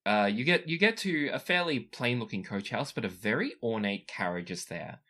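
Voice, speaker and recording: A man running a tabletop game as game master, narrating scenes and jumping into character voices. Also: moderate pace. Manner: lively, animated narration that jumps up in pitch for characters.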